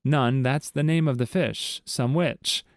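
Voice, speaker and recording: A man voicing excited young altar boys, eager and insistent. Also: mid-range voice, slow pace, no room sound, studio quality.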